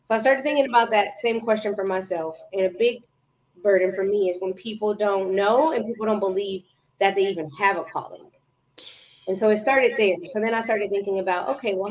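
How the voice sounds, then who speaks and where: A woman's voice: medium pitch, slight background noise. A woman guest on a podcast chatting casually and telling stories, acting out her own past dialogue. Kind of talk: casual interview chat.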